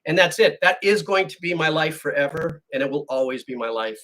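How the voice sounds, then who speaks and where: A man's voice: fairly high pitch, animated, a little fast, fairly bright tone. A man hosting a music channel, chatting casually with viewers and telling a rambling story that he keeps restarting and correcting. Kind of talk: casual chat answering viewer questions.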